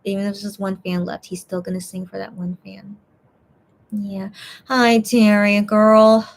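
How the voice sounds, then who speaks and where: A woman hosts a casual livestream, reading fan comments aloud and rambling between them. Her voice sits in a middle pitch and sounds tired, with loose, chatty restarts. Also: monotone, normal speed, gravelly, mellow, a little hiss or hum. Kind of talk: casual chat.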